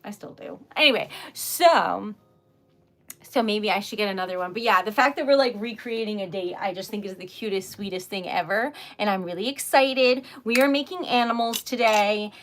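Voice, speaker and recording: A woman's voice: medium pitch, moderate pace, a bit bright. A young adult woman chatting casually on a craft livestream, giggly and talkative, often saying "y'all".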